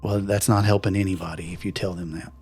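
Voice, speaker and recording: A man voicing a secretive, brooding male vampire who speaks quietly and hesitantly. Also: deep voice, little pitch movement, quick pace, husky, faint music behind. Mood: guarded.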